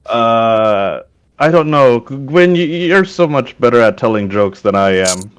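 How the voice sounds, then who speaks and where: A man's voice: mid-range voice, expressive, a little slow, clear, resonant tone. A man playing a tabletop game in casual chat, joking and hesitant, with small stammers. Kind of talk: casual tabletop role-play.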